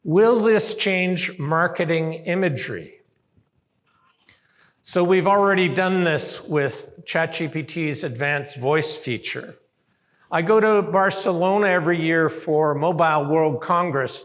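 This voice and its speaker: Man from Canada, keynote speaker, slow delivery, slightly high voice, long hall reverb. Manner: lively, asks the audience questions. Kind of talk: conference keynote talk. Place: large hotel hall.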